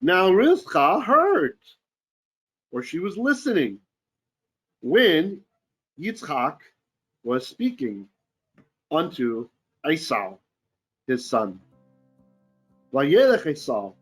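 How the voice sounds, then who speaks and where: A man, a rabbi, teaching a Torah portion in an informal online class. He chants Hebrew verses, translates them in casual, joking talk, and often clears his throat. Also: on the high side, big pitch swings, drawn-out words, pauses often, a bit bright, faint music behind.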